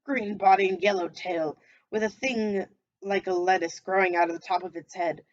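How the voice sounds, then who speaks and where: A woman voicing an elderly male miser who exclaims between laughing and crying, caught up in childlike excitement. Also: mid-range voice, normal speed, breathy edge, dry recording, lo-fi sound, close to an everyday voice. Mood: ecstatic.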